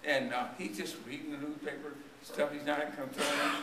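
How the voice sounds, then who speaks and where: A man's voice: a little high, little pitch movement, moderate pace, noisy background. A man preaching a storytelling sermon to his congregation, his voice strained and tiring, asking the people questions as he goes. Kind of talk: church sermon. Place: church sanctuary. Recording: echoey church recorded from a distance.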